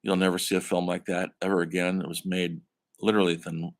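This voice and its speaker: A man's voice: sits low, little pitch movement, quick pace. A man teaching a film studies class in a rambling, enthusiastic way, with many fillers and restarts. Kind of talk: casual classroom lecture.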